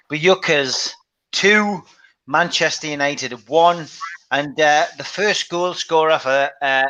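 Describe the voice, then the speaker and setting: A man's voice: a little high, pushed and bright. A man hosting a casual football chat, jokey and steering the talk along. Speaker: podcast host.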